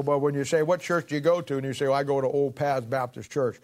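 Man, pastor, sermon, slightly high voice, slows for scripture, chatty asides, clears throat. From Ohio, United States. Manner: preacherly, swells up and slows down to read scripture.

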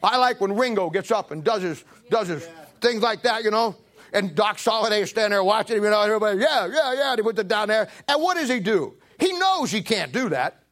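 A man's voice: sits high, expressive, fast talker, a bit bright. A man in his seventies preaching a sermon as pastor, telling folksy stories with emphasis and acting out quoted voices. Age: 70s. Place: church sanctuary.

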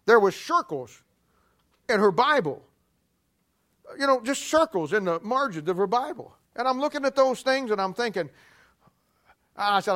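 A man preaching a sermon to a congregation, animated, repeating himself often and swinging between loud and hushed. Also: high-pitched, normal speed, long pauses. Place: church before a congregation.

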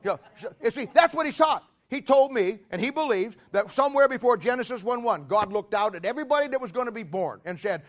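A man preaching a sermon in a folksy, emphatic way, joking with the congregation and rising to shouts. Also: sits high, animated, quick pace, hardly any pauses. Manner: jokes with the congregation.

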